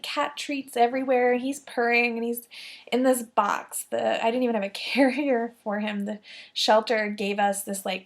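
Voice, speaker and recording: A young adult woman telling a personal story, lively and full of "like" fillers, acting out the people she quotes. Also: a little high, creaky. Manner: animated, many "like" fillers, acts out quoted voices. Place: Columbus, Ohio area.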